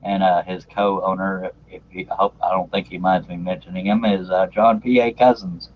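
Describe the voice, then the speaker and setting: A man's voice: sits low, flat delivery, normal speed, a little hiss or hum. A man hosting a casual live video-call stream, joking and laughing as he introduces guests. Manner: joking, laughing, chatty, uses "y'all". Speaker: host. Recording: dull lo-fi stream audio.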